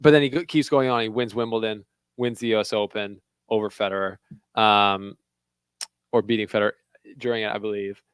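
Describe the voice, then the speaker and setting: A man's voice: lowish voice, steady tone, a little fast, smooth, dry recording. A young man from Canada co-hosting a podcast in casual chat, talking loosely with lots of "like" fillers. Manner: chatty, loose, full of "like" fillers. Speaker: podcast co-host.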